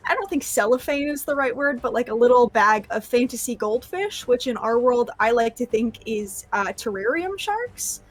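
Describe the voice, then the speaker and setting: Chatty woman player, slightly high voice, filler-heavy tabletop description. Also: expressive, normal speed, few pauses, no room sound. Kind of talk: describing and voicing her character.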